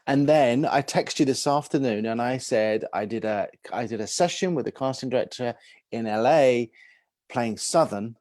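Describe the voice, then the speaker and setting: A man's voice: medium pitch, moderate pace, a little mellow, no room sound. Enthusiastic British man, dry close sound. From Britain. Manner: friendly, enthusiastic, chatty. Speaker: talent manager, guest. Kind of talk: casual chat on a live stream.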